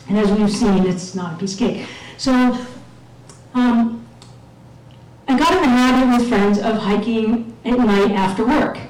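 A woman's voice: medium pitch, darkish tone, a little hiss or hum. Woman telling a story, echoey hall. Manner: self-mocking, acts out voices of others. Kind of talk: live personal storytelling. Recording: echoey room, mic at a distance.

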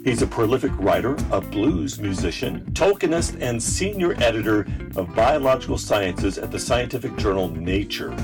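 A man co-hosting a casual podcast chat, excitable and jokey, from Canada. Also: on the low side, moderate pace, hardly any pauses, over music. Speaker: podcast co-host.

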